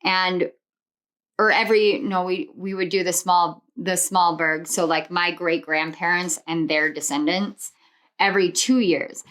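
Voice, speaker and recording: A woman's voice: fairly low pitch, fairly even intonation, a little slow, fairly bright tone. Earnest woman giving a tarot reading. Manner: earnest, reassuring, wanders into personal tangents; repeats affirmations in rhythmic lists. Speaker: tarot reader. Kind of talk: spiritual pick-a-card tarot reading.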